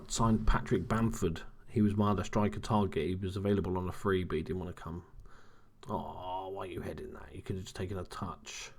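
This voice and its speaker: A young man quietly commentating on his own football management game in a casual chat. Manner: talking quietly, late-night low-key chatter. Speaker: gaming commentator. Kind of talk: casual let's-play commentary.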